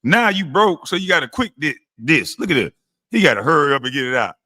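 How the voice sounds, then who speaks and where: A man runs a casual livestream, roasting chat and trash-talking while he smokes. His voice jumps high when he heckles, then drops slow and low when he calms down.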